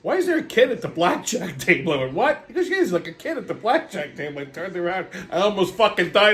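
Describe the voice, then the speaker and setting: A man's voice: sits high, big pitch swings, fast talker, few pauses, a bit bright. A middle-aged man hosting a show, telling a rambling story in a casual, profane and sardonic way, often laughing as he talks. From New York. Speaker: podcast host.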